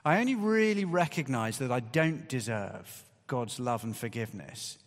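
Male preacher, conversational sermon, mid pitch, emphatic stresses, long hall reverb. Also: animated, normal speed.

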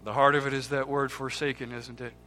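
A man preaching a sermon with impassioned swings between loud cries and hushed, near-whispered words, repeating key words for emphasis. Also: medium pitch, flat delivery, brisk. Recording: long hall reverb with faint music.

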